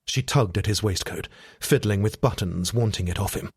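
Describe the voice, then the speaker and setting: A man narrating a romance audiobook with steady, sensual storytelling. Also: on the low side, moderate pace, slightly rough, no room sound, studio quality.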